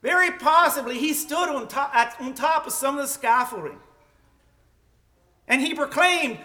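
High, bright-voiced preacher man. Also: lively intonation. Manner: slow, emphatic storytelling with rhetorical questions. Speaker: pastor. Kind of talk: sermon. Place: church sanctuary.

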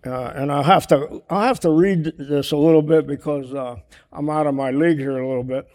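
Male preacher, earnest and questioning, somewhat high voice with a dark, mellow tone, sermon delivery. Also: fairly even intonation, a little fast. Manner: earnest, asks rhetorical questions; writes on a board while teaching.

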